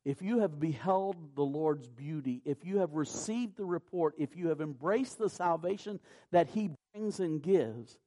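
Guy preaching a sermon, slow and drawn out, voice sits kinda high, gets loud and fired up. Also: expressive. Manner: builds from quiet, slow reading to loud, high-pitched preaching. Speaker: pastor.

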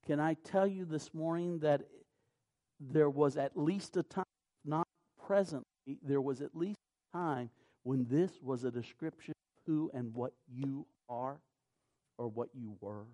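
A man preaching a sermon, moving from quiet, slow scripture reading to loud, impassioned preaching. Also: a little high. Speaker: pastor.

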